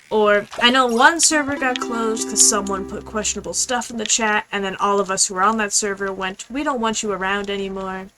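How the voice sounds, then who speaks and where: A young woman streaming a game, chatting casually in a rambling, fast, apologetic way. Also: medium pitch, pushed and bright, a little hiss or hum, rough recording. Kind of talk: casual gaming stream chat.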